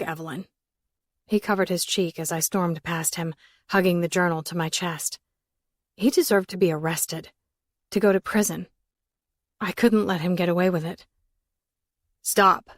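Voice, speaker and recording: Low-voiced woman narrating an audiobook. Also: no echo, studio quality. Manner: intense, emotional storytelling. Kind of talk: first-person audiobook narration.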